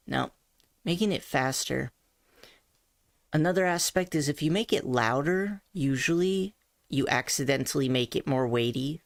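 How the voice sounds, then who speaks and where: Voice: mid-range voice, moderate pace, vocal fry, dry recording, studio quality. A vlogger talking through voice training practice in a thoughtful, self-critical way, explaining each step. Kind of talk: casual voice training vlog.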